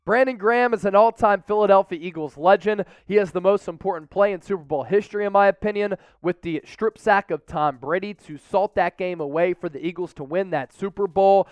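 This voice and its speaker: A man's voice: high voice, a little fast, hardly any pauses, clean tone, dry recording. A man hosting a sports show, giving upbeat, opinionated commentary and rattling off stats.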